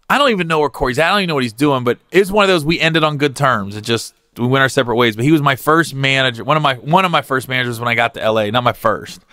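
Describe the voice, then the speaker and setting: Male comic host, lively and swinging in pitch, bright tone, dry close sound, profane. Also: no echo. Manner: animated, profane, laughs at his own stories. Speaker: podcast host. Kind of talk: comedic podcast storytelling.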